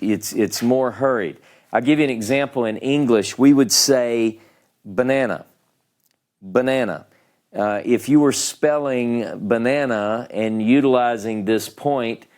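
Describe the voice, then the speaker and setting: This man, a Hebrew teacher, has a medium-pitched, darkish voice. Teaching beginners in a classroom, he goes step by step at the board with patience and keeps checking on his students.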